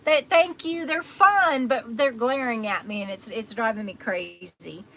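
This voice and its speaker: A woman's voice: on the high side, a little slow, a bit bright, low-quality recording. A woman with a Texas accent, tired and getting over an illness, chatting rambly on her live stream and thanking viewers by name. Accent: Texan. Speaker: livestream host. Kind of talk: casual live-stream chat.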